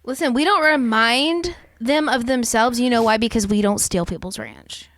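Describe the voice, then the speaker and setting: A woman's voice: on the high side, fairly bright tone, no room sound. Chatty young woman, dry close sound. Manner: chatty, storytelling, quick asides. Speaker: podcast co-host. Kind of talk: casual chat.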